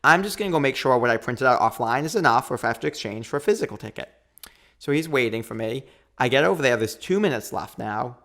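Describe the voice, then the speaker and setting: A man in his thirties, a podcast guest, telling a long story in a lively, quick way and acting out what people said. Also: mid-range voice. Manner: animated, quick storytelling with acted-out quotes. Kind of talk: storytelling in a casual interview.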